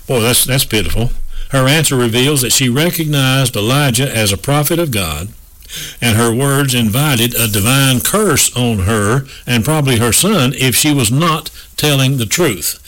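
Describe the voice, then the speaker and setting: Man, radio bible teacher, drawn-out emphatic delivery, folksy asides, medium pitch. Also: lively intonation, fairly bright tone, low-quality recording. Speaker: radio preacher.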